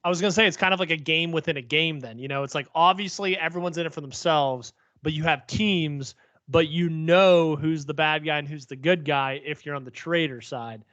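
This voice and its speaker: A young man with a slightly high voice talks through his ideas in casual podcast chat. He fills his pauses with "um" and "you know." The sound is muffled and dry. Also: fairly bright tone, no echo. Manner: thoughtful, filler-heavy explaining. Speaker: podcast co-host.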